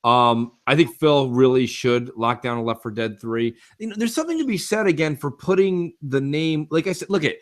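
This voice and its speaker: A man's voice: medium pitch, normal speed, hardly any pauses. A man co-hosting a casual gaming podcast, talking in an opinionated, emphatic way. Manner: opinionated, emphatic, repeats "it is what it is". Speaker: podcast co-host.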